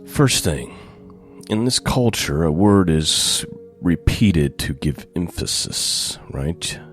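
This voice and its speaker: Very deep, slow-speaking male preacher. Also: animated, faint music behind. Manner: slow, deliberate, emphatic repetition. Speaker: pastor. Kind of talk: sermon with scripture reading.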